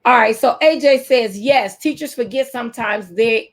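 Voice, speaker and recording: A woman in her fifties from the United States, talking to camera as a teacher trainer in an animated, preacherly way with AAVE speech. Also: fairly high pitch, moderate pace.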